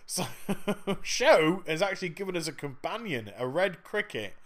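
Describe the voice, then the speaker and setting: A man's voice: high-pitched, animated, normal speed. A man giving chatty, sarcastic commentary over a game walkthrough. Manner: chatty and sarcastic, with frequent laughs. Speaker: gaming video host.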